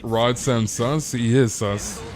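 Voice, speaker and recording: A young man talks casually to his stream audience from a home gaming setup. He rambles, stumbles over repeated words and tacks "dude" onto almost everything. His voice sits at an ordinary middle pitch. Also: steady tone, slow, over music. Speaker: game streamer. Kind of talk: casual chat with stream viewers.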